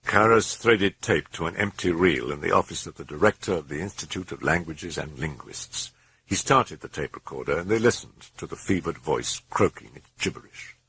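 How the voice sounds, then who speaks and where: A man giving a grave, measured dramatic audiobook narration. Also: low-pitched, lively intonation, sharp tone, slightly rough.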